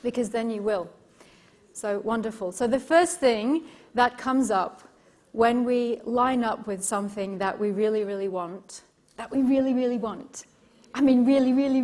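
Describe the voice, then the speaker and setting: A middle-aged English woman speaks with a slightly high voice, delivering a live motivational talk. She tells personal stories with warmth of emphasis, repeating words for effect and checking in with her listeners. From Yorkshire, England. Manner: expressive storytelling, emphatic repetition, engages audience. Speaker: keynote speaker and coach.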